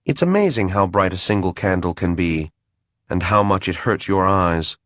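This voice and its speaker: A man's voice: low voice, lively intonation, moderate pace, fairly bright tone, no echo. A man reading a first-person fantasy audiobook in a dry, wry manner. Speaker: audiobook narrator.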